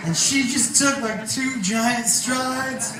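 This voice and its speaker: A man performing a stand-up comedy set on stage, telling a loud, animated story and shouting punchlines. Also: very high-pitched, slow pace, music in the background. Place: stage before a live audience. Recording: echoey venue recording from a distance, noisy.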